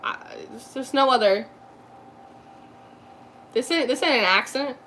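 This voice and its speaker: A woman's voice: high voice, expressive, a bit bright. Chatty New woman reading tarot. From New Jersey. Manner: chatty, laughs often, quick asides. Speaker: tarot reader. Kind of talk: live tarot reading chat.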